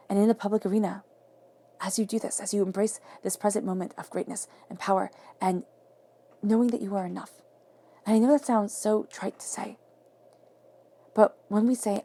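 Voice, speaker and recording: A woman reads tarot in an emphatic, affirming way. Her voice is gravelly and dark in tone, and she often sinks into soft whispers to stress a point. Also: medium pitch, little pitch movement, brisk. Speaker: tarot reader. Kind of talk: spoken tarot reading.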